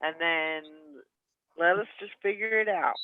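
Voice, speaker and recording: A woman's voice: on the low side, narrow, tinny audio, heavy background noise. A woman co-hosting a morning show who chats casually, agreeing with the others and offering encouraging remarks. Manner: encouraging, quick to agree and laugh. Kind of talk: casual chat.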